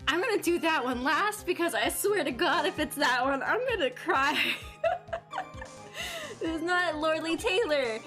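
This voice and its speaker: A young woman streaming a game, giving loud, frustrated commentary full of swearing. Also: high-pitched, expressive, normal speed, hardly any pauses. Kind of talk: live gameplay commentary. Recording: faint game music behind.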